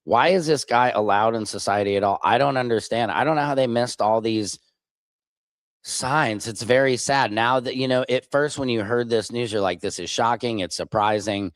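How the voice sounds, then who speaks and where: A man's voice: medium pitch, normal speed, no echo. A man hosting a live stream, giving blunt, opinionated reaction commentary. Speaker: streamer host.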